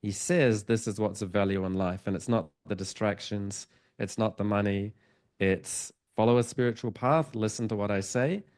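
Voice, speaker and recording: A man with a fairly low voice speaks as a podcast guest, recounting a personal experience in an earnest, reflective way. He laughs easily, and emotion sometimes catches in his voice. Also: fairly even intonation, moderate pace, a little mellow. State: emotional, choked up. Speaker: hypnotherapist guest. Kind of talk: conversational storytelling.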